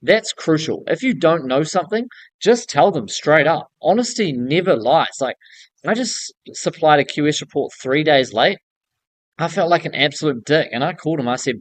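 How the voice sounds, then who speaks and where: A man's voice: a little high, lively intonation, moderate pace, no echo. A man giving casual, blunt business advice to newcomers in the building trade, often checking in with "okay?". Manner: direct coaching tone, often ends points with "okay?". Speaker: building contractor coaching newcomers.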